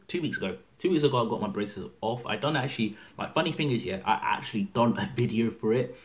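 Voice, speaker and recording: A man's voice: fairly low pitch, moderate pace. An eighteen-year-old man chatting casually to camera, rambling and full of fillers. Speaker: vlogger. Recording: music playing loudly behind.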